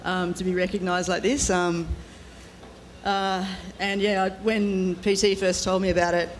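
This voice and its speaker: A woman's voice: lowish voice, level tone, a little slow, slight background noise. A woman gives an acceptance speech. She is moved and hesitant, scattering ums and little laughs as she thanks the people who supported her. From Australia. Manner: emotional, hesitant, with many ums and small laughs. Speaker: honoree giving an acceptance speech. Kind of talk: informal ceremony speech.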